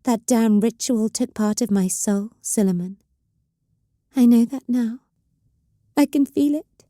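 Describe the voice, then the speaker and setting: A woman's voice: on the high side, unhurried, dry recording, clean studio sound, pitched above the performer's own voice, close to an everyday voice. A woman voicing a bitter, volatile young female psyker cultist who hisses and snarls in anger. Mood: bitter, menacing. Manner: hissing, snarling, shouting in anger.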